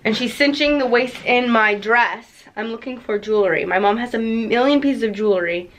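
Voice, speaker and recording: A woman's voice: a little high, normal speed, a bit bright, slight background noise. A young woman rambling and giggling as she chats casually to the camera in a vlog. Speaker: vlogger.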